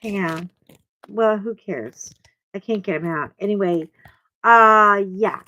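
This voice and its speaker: A woman's voice: mid-range voice, takes it slowly, pushed and bright, slight background noise, low-quality recording. An older woman hosting a crafting channel, chatting casually to camera in a rambling, self-deprecating way. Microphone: clip-on mic that keeps bumping.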